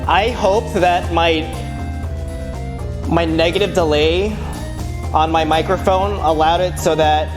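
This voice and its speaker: A man's voice: on the high side, fairly even intonation, slow, long pauses. A man streaming a game, chatting playfully, singing along and reading lines aloud over game music. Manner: playful, sings along and drops into voices. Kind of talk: casual gameplay commentary, reading dialogue aloud.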